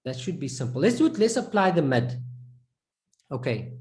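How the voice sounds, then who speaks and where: A woman's voice: lowish voice, very animated, normal speed, warm tone. A woman teaching Arabic letter sounds in a step-by-step lesson. She drills each syllable patiently and repeats it, and she praises the learner's progress. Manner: encouraging, praises with "perfect" and "excellent".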